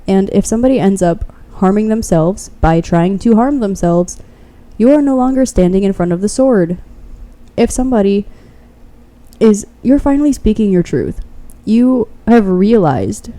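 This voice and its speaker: A woman's voice: mid-range voice, lively intonation, normal speed, mellow. A woman giving a pick-a-card tarot reading straight to the viewer. She is blunt and fervent, swears freely, and keeps encouraging the listener.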